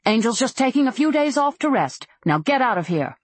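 A woman voicing a hard, sharp-tongued woman who runs a saloon, speaking sharply and ranting. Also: mid-range voice, expressive, normal speed, no room sound, natural voice.

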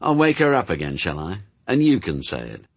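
A man's voice: deep voice, huge pitch swings, a little fast, husky, no room sound, full character voice. Crowley, a man doing a snappish demon. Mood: sardonic. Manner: snappy, sarcastic. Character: snappish, sardonic male demon. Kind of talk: audiobook character voice.

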